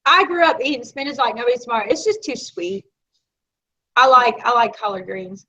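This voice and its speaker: A woman from Florida with a Southern American accent, co-hosting a casual live chat and telling stories in an animated, chatty way. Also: fairly high pitch, brisk. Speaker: co-host of a live video chat. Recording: dull lo-fi sound.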